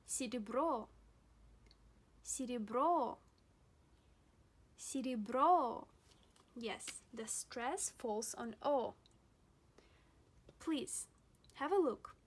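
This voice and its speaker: A young woman teaching a pronunciation lesson, speaking slowly and deliberately and repeating each example word several times. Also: on the high side, breathy edge. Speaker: language teacher.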